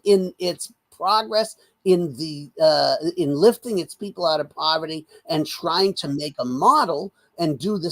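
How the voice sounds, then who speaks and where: An older man from the United States, a political commentator talking as an interview guest in an animated, rambling way with many restarts. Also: high-pitched.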